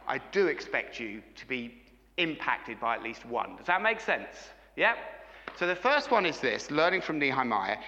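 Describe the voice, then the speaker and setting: Engaging middle-aged preacher, lively delivery and a slightly raised voice. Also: male voice, on the high side, in a large hall, lo-fi sound. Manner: engaging, asks the congregation frequent questions. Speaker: pastor. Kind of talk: sermon.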